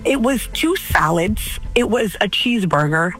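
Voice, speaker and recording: A woman's voice: medium pitch, animated, unhurried, fairly bright tone, soft background music. A woman on a radio show, earnestly telling a personal story.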